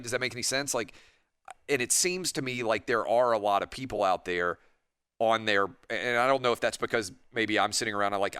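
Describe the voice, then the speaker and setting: A man hosting a radio talk show, talking in a rambling, animated way and acting out imagined conversations. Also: lowish voice, smooth, dry recording, clean studio sound. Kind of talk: opinionated radio monologue. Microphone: studio microphone.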